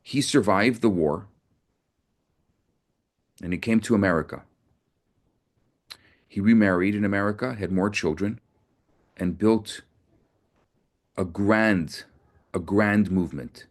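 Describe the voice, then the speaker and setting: A man's voice: lowish voice, slow pace, pauses often. A man, a rabbi, giving an earnest sermon in a storytelling manner, often repeating words as he builds to a point.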